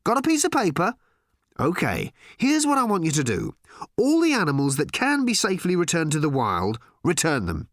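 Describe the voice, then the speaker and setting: A man's voice: fairly high pitch, wildly swooping pitch, a bit bright, no echo, studio quality, pitched above the performer's own voice, heavily acted. A man voicing a brash, bossy alien traveller. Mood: brisk. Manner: brash, bossy, fast-talking. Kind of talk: audiobook character voice.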